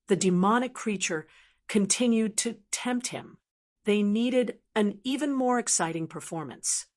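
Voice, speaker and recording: A woman's voice: mid-range voice, unhurried. Woman narrating a fantasy audiobook. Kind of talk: scripted narration.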